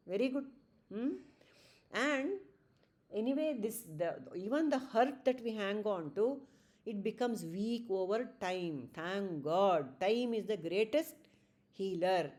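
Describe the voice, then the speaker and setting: A woman's voice: medium pitch, a little mellow. Woman teaching a scripture study group. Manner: conversational, with tag questions and fillers. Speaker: Gita study circle teacher. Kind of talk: spiritual lesson to a study group.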